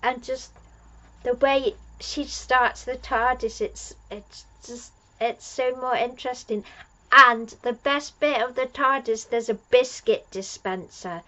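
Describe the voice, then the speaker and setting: A woman's voice: fairly high pitch, fairly even intonation, takes it slowly, bright, forceful tone, muffled recording. A woman recapping an episode as a fan reviewer, gushing and rambling with lots of fillers and restarts.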